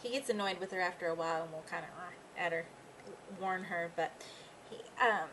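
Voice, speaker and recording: Young woman, casual pet vlog, bright voice, light background hiss. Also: brisk, poor audio. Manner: chatty, with high baby talk to her dogs. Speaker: pet vlogger. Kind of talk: casual chat, reading tag questions aloud.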